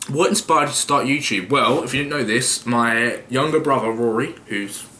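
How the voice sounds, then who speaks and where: Rambling young man, bright voice. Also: medium pitch, normal speed, echoey room, slight background noise. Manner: rambling, loose and jokey, swears casually. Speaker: YouTuber answering viewer questions. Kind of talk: casual vlog Q&A.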